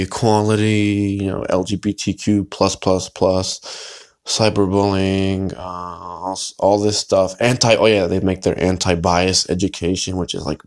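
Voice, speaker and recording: Deep-voiced man rambling on a podcast. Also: a little mellow. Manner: rambling, hesitant, lots of fillers and restarts. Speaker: podcast host. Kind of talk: solo podcast monologue.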